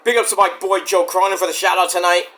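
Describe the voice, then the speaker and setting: A man giving a casual solo review of a wrestling show, rambling and loudly acting out quotes. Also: high-pitched, level tone, fast talker.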